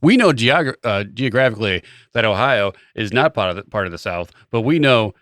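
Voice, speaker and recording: Fast-talking, animated male podcast co-host. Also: lowish voice, dry recording, clean studio sound. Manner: quick riffing storyteller, acts out scenes with silly voices. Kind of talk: casual comedic banter.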